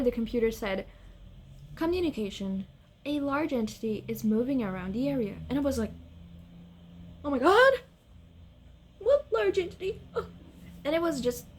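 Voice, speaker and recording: Excitable young woman gamer, slow-talking. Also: a little high, a little hiss or hum. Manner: excitable, swings between scared and cooing over cute creatures. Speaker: gaming vlogger. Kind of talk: casual gameplay chat.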